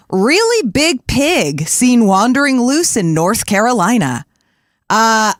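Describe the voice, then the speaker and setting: A woman's voice: a little high, dry recording, studio quality. A woman co-hosting a comedy podcast, making wry quips and reading out odd news. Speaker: podcast co-host. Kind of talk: casual comedic chat.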